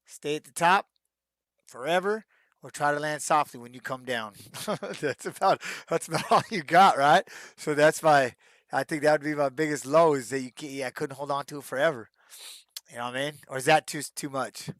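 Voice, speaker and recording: A middle-aged man, a retired fighter, answering fan questions in a casual live-stream chat, telling stories and acting out shouted quotes. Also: fairly high pitch, moderate pace, no room sound, studio quality. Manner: animated storyteller who acts out shouted quotes, peppered with "man".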